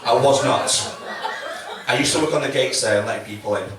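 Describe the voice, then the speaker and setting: A male stand-up comedian performs a set on a comedy club stage, talking in a chatty, self-mocking way, swearing and acting out quotes. His mid-range voice is brisk and a bit bright. The recording picks him up from a distance in an echoey room with faint noise.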